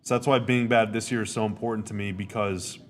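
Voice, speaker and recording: A man's voice: fairly low pitch, fairly even intonation, fairly quick, slight background noise. A man hosting a podcast, giving casual live reactions to a game, rambling, repeating himself and stating blunt opinions. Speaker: podcast host.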